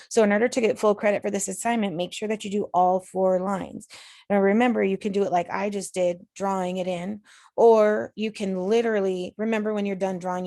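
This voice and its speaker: A woman's voice: medium pitch, warm tone, no room sound, studio quality. A woman teacher patiently talking students through a recorded online lesson, step by step. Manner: patient, explanatory, talks students through steps.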